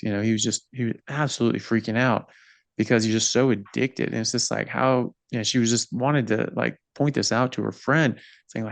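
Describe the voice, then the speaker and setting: Guy hosting a podcast, gravelly fry in his voice, earnest emphatic talk, sounds close and dry. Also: mid-range voice, steady tone, moderate pace, no echo. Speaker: podcast host. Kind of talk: conversational interview.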